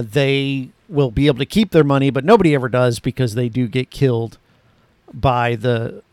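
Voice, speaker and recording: A man's voice: mid-range voice, no echo. A man co-hosting a movie podcast, talking in casual review chat with mock-emphatic, sarcastic jokes. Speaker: podcast co-host.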